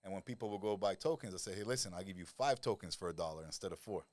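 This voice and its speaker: A middle-aged man with a lowish voice, guesting on a podcast as a lifestyle coach. He tells his stories with a lot of animation and swears without a second thought. The sound is close and dry, with no room around it. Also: very fast, dry recording. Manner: blunt, animated storyteller who swears freely and acts out quoted voices. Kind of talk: casual podcast conversation.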